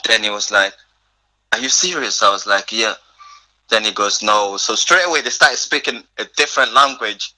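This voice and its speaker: A young man from Africa, a podcast guest, telling his life story in a casual, animated way and acting out the dialogue. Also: on the low side, moderate pace, rough recording. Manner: animated, acts out quoted dialogue, frequent laughs.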